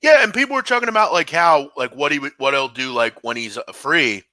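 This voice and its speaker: A man's voice: fairly high pitch, animated, brisk, sharp tone, no room sound. A man hosting a casual sports betting show, talking loosely with lots of fillers.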